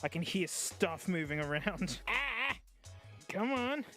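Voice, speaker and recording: A man's voice: sits high, big pitch swings, slow pace, pushed and bright, faint music behind. A man doing casual, jokey live-stream gaming commentary, yelping and groaning at the game as he plays.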